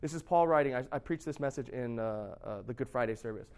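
A man's voice: medium pitch, quick pace, darkish tone, clear, resonant tone. A middle-aged pastor giving a sermon in a conversational way, often asking his listeners questions. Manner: conversational, asks the audience questions.

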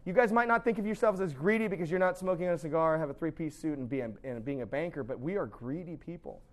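A young man preaches to a youth group in a loose, conversational way, often slipping into playful impressions of his students' excuses. His voice sits high and lively. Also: fast. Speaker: youth pastor. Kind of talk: youth sermon.

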